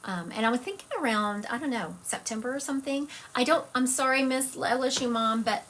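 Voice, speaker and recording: A woman's voice: fairly high pitch, brisk, a bit bright, slight background noise. A woman with a Southern US accent, a psychic medium chatting casually and rambling on a live stream. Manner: chatty, rambling, self-correcting.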